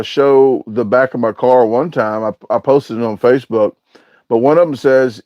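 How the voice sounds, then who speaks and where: A man chats his way through a casual livestream, reading viewer comments aloud and wandering through his answers with plenty of hesitant filler sounds. His voice sits at a mid pitch, recorded close and dry with a slightly dull, lo-fi tone. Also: no echo. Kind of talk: casual live-stream chat.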